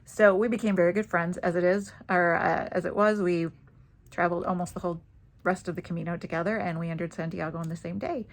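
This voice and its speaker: Woman vlogger, lower-pitched, casual storyteller, animated and quick to laugh. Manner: chatty, animated, laughs easily.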